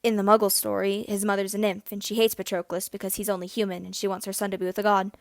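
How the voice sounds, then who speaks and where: A woman voicing a soft-spoken, guarded teenage boy wizard who talks quietly and slowly in a storybook reading. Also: mid-range voice, flat delivery, creaky, dry recording, clean studio sound, lightly acted. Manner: quiet, slow.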